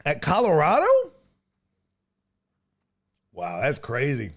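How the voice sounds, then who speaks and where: On his casual sports talk live stream from Texas, a man reads out viewer comments and pokes fun at rival fans with loose, animated energy. His voice is a little high and slow, with vocal fry.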